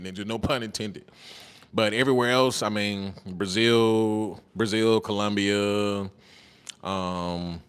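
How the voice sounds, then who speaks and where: Hosting a casual livestream, a man reads viewer comments aloud in a loose, slangy way, repeating his phrases and laughing often. His voice is fairly low, smooth and fairly bright.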